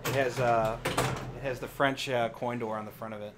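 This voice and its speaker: A man's voice: mid-range voice, steady tone, normal speed. A man co-hosting a live pinball stream, explaining the game in a hesitant way, full of fillers. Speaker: stream co-host. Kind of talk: casual chat explaining the game. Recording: loud background noise.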